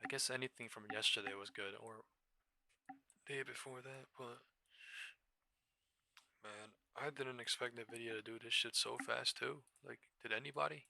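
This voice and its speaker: A man casually commenting on stock charts during a live trading stream, excitable and profane, thinking aloud as he goes. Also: medium pitch, normal speed, vocal fry, long pauses, no room sound.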